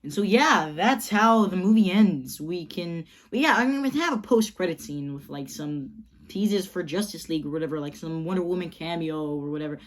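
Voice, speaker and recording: Woman, low voice, excitable rambling fan pitch, loose and unscripted. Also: brisk, slight background noise. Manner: rambling, excited, heavy with fillers. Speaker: channel host. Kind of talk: casual fan pitch of a movie idea.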